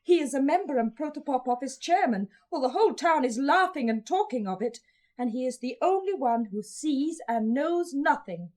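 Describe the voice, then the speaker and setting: A woman's voice: sits high, animated, moderate pace, darkish tone. An actress in a vintage radio play voicing a weary, despairing young woman in her twenties who talks tearfully and keeps breaking into sobs. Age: 20s.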